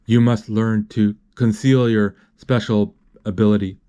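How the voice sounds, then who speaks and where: An old Spanish sword master, calm and wise, who lays out his teachings in slow, lofty sayings, as a man recounting a movie reads his lines. The voice stays close to an ordinary speaking voice. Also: on the low side, smooth, natural voice. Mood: solemn.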